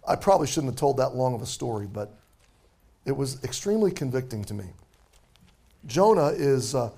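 A man's voice: mid-range voice, animated, moderate pace, gravelly, dark tone. Chatty storytelling pastor, a man. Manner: conversational, self-deprecating storyteller. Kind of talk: storytelling sermon.

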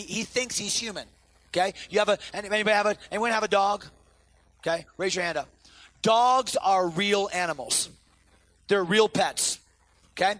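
A man preaching a sermon to a congregation as pastor, animated and swinging between loud outbursts and quiet intensity. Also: sits high, no room sound. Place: church sanctuary before a congregation.

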